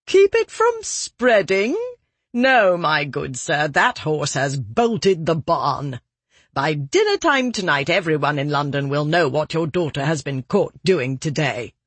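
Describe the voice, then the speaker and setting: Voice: medium pitch, sing-song, measured pace, fairly bright tone, slightly rough, dry recording, exaggerated voice. An audiobook reader voicing a haughty, indignant older noblewoman who scolds with scorn. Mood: scornful. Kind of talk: audiobook character reading.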